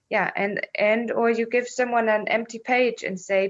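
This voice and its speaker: A woman talks slowly through her thoughts in a reflective conversation, repeating words as she feels for the right phrase. Her voice sits at a middle pitch. The recording is a little muffled and dull. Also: fairly even intonation. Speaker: interview guest. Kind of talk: reflective conversation, telling a parable.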